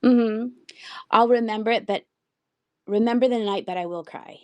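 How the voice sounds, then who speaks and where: A woman's voice: on the high side, normal speed, no echo. A woman hosting a casual live-selling stream from home, rambling between items and reading out viewer comments. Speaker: livestream seller. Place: home room with shelves.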